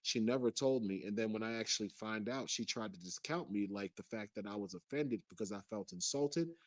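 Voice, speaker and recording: A man's voice: lowish voice, a little fast, no room sound. A man in a played clip recounting a personal story in earnest detail. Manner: earnest, detailed recounting, acts out quoted lines.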